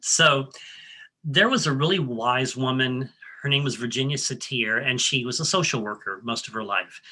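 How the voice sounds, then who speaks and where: With a medium-pitched voice that's pushed and bright, a workshop presenter leads his audience through breathing steps one at a time. His coaching is friendly, though he often says um and restarts sentences during this guided breathing exercise and talk.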